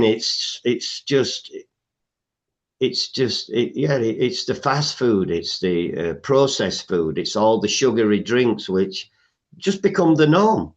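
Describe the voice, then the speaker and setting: A man's voice: fairly low pitch, dull audio. A man speaking as a health coach guest in a podcast interview, emphatic, listing things off, with frequent "uh" fillers.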